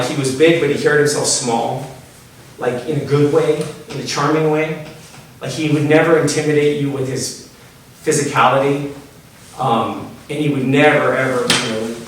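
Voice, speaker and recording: A man's voice: fairly high pitch, a little hiss or hum. A man telling a personal story to an audience in a loose, conversational way, full of fillers and restarts. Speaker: storyteller, speaker. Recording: echoey hall from far off.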